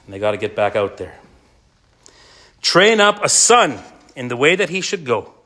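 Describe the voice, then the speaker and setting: A middle-aged man preaches to fathers in an easy sermon voice, mid-pitched and steady. He tells his story with sudden loud bursts that drop back to near-hushed asides. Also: moderate pace. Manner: storytelling with wide swings between loud and hushed. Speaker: pastor.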